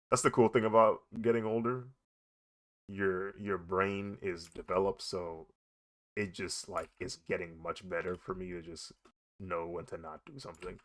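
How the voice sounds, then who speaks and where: A young man chatting casually while he draws, animated and laughing often as he talks. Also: low-pitched, measured pace. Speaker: artist vlogger. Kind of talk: casual chat while drawing.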